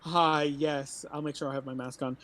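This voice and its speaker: Chatty man, a bit high-pitched. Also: level tone, normal speed, a crowd in the background. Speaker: player. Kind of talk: tabletop game chat.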